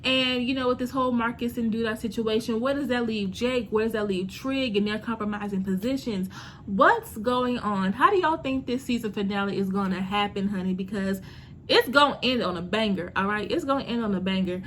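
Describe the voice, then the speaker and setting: A young woman chatting casually as a TV recap vlogger, sassy and animated, talking straight to her viewers with lots of "girl" and "honey". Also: fairly high pitch, brisk, slight background noise.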